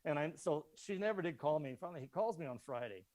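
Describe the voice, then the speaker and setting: A man's voice: on the high side, fast talker. A middle-aged man, a podcast guest who publishes a magazine, telling a long personal story in casual talk and acting out both sides of each conversation. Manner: animated anecdote teller who acts out both sides of conversations.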